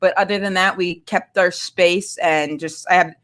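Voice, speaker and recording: A woman's voice: on the low side, fairly even intonation, moderate pace, a bit bright. Woman from Maine, 30s, candid, rambling storyteller, casual chat. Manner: candid, rambling with many fillers and restarts. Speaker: guest.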